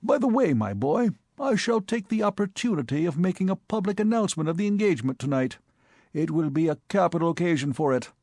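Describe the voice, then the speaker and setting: A fussy, self-satisfied old gentleman, put on by a male narrator in an audiobook, beaming over everyone's business. His voice rides high and swoops about with hearty emphasis. The recording is close and dry. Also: big pitch swings, fairly quick, no echo. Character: genial, pompous elderly uncle, a titled gentleman. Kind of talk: audiobook character voice.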